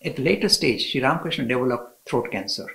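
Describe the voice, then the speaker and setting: A man's voice: mid-range voice, lively intonation, a little fast, gravelly, pushed and bright, rough recording. A man telling spiritual stories as an interview guest, enthusiastic, often laughing and restarting his sentences. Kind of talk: storytelling in a conversation.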